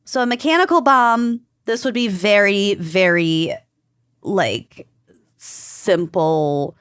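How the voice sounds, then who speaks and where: A woman's voice: medium pitch, slow pace, a bit bright, smooth, no room sound, studio quality. A woman co-hosting a podcast, explaining research notes in a loose, joking way, full of "like" fillers. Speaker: podcast co-host.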